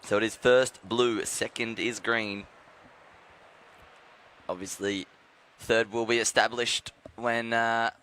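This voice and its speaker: Male surf commentator, bright smooth voice, jokey live calls. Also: mid-range voice. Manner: jokey, self-deprecating, relaxed.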